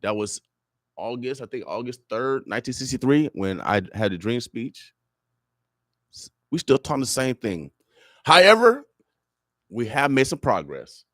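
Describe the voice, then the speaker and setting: A man's voice: mid-range voice, animated, moderate pace, dry recording. Guy preaching on the radio, fired up, repeats himself a lot, dry booth sound. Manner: fiery and preacher-like, with many repeated phrases. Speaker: radio show guest speaker.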